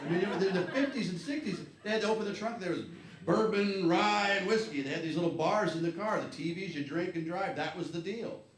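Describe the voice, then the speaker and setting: A man in his fifties from the United States doing a stand-up comedy set, telling rambling, wry stories and shouting his punchlines. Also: sits high, fairly quick. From USA. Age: 50s. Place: comedy club stage. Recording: echoey live club, clear background noise.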